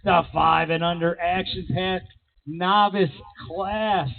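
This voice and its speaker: A man announcing races live at an outdoor BMX track, with energetic play-by-play full of rider nicknames. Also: sits high, unhurried. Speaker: race announcer. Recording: tinny, phone-like sound.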